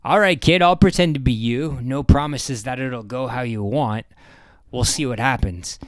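A man voicing a crude, domineering husband in a storybook reading, gruff and mocking. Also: mid-range voice, normal speed, dry recording, pitched above the performer's own voice, natural voice. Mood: commanding.

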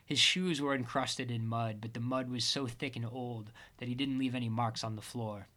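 A man reads a first-person story aloud with a wry, deadpan delivery. His voice is bright and forceful, at a middle pitch. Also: normal speed. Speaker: audiobook narrator. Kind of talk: first-person audiobook narration.

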